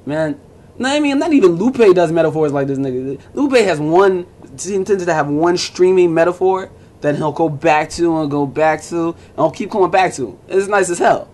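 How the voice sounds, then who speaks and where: A man's voice: on the high side, animated, normal speed, darkish tone. Blunt, profane young man ranting. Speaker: vlogger. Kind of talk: casual rant to camera.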